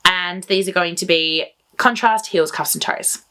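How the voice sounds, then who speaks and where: A woman's voice: lowish voice, unhurried, pushed and bright. A woman hosting a knitting podcast, chatting casually to camera at home in an enthusiastic, rambling way.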